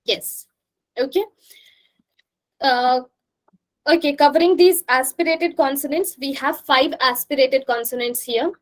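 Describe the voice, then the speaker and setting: A woman's voice: high voice, measured pace, long pauses, low-quality recording. A woman teaching a language class over a video call, drilling sounds patiently and checking in often. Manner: patient, repetitive drilling, frequent "right?" checks. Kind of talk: live online class.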